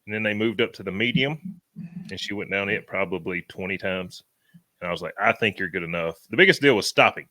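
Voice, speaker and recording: A man, co-hosting a podcast and telling animated stories in rural slang. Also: on the low side, a little fast, no echo. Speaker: podcast co-host. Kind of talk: casual storytelling chat.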